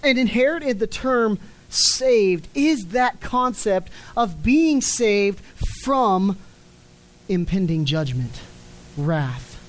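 The recording is rough as a medium-pitched woman preaches a sermon with force. Her key words are drawn out, and she ends her lines on a falling note.

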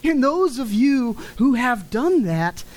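A woman's voice: on the high side, big pitch swings, a little mellow, rough recording. A woman preaching a sermon in an emphatic way, stretching key words and letting her lines fall at the end. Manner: emphatic, drawn-out words with falling endings.

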